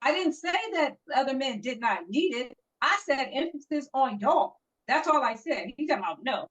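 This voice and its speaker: A woman's voice: high voice, lively intonation, normal speed, fairly bright tone. A woman co-hosting a casual podcast, telling a story in a heated, emphatic way. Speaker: podcast co-host. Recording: dull lo-fi audio.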